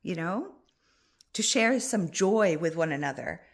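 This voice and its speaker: A woman spiritual coach giving gentle, reassuring advice to an online group and calling listeners by endearments. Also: on the low side, animated, measured pace.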